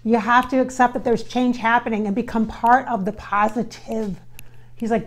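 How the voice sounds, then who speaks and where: A woman's voice: fairly high pitch, normal speed. A woman working as a spiritual medium, relaying a spirit's words in an earnest, casual way and repeating phrases for emphasis while she talks to her viewers. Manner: relays spirit's words in quotes, speaks to viewers as "you guys". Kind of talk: casual channeling session addressed to viewers.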